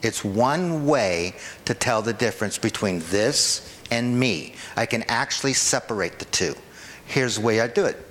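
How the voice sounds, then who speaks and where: A man's voice: medium pitch, lively intonation, a little slow, fairly bright tone, long reverb tail. A man preaching a sermon in an informal, conversational way, often checking in with the congregation. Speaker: pastor. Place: church hall.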